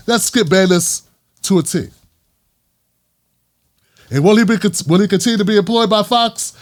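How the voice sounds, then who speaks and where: A male vlog host delivers an emphatic, opinionated commentary monologue. His voice sits high for a man, and he hammers his points with repetition. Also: normal speed, pauses often. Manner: impassioned, emphatic, repeats lines for punch.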